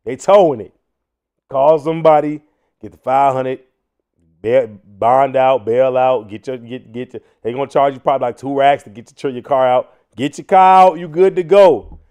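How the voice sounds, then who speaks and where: A young man hosting a casual news commentary stream, loud and mocking, with a slangy delivery. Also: medium pitch, steady tone, normal speed, clear, resonant tone. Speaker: host.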